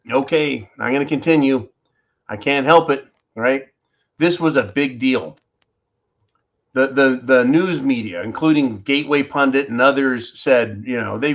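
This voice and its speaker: A man hosting a solo commentary show, talking in an indignant, emphatic way and repeating words when stirred up. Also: mid-range voice. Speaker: political commentary host.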